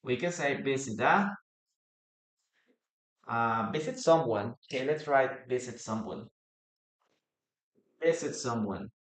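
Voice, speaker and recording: A man's voice: mid-range voice, animated, slow pace, long pauses. A man teaching a live online English lesson, patiently repeating words and quizzing his viewers in the chat. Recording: roomy echo.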